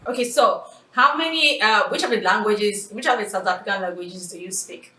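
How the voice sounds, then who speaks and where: A woman's voice: mid-range voice, brisk, pushed and bright, echoey room, distant mic, slight background noise. A woman hosting a casual interview, encouraging her guest with short prompts. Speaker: host.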